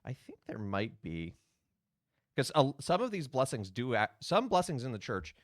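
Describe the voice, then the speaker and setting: A man's voice: medium pitch, big pitch swings, moderate pace, no room sound, studio quality. A man, a priest, giving casual, rambling commentary while streaming a video game, with many fillers.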